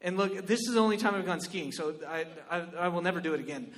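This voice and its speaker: A man with a very high, bright, forceful voice tells a stand-up story. He is animated and exclamatory and keeps asking the audience "right?" His voice rings out with a long hall reverb. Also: fast, slight background noise. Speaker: comedian.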